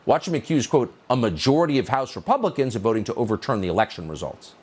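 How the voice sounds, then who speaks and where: A man's voice: mid-range voice, very animated, fast talker, husky. A male commentator delivering a scripted monologue in a sarcastic, mocking, emphatic manner. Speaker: political commentator.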